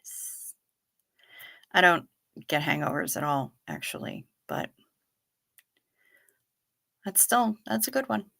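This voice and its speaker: A woman's voice: fairly low pitch, animated, takes it slowly, vocal fry, pauses often, a bit bright. A middle-aged woman hosting a livestream, chatting casually with dry, sardonic asides as she reads out viewer comments. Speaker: livestream host reading chat. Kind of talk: casual chat.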